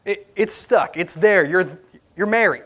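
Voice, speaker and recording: A man's voice: high voice, unhurried, fairly bright tone. A man, a pastor, preaching a conversational sermon in church and asking the congregation questions as he goes.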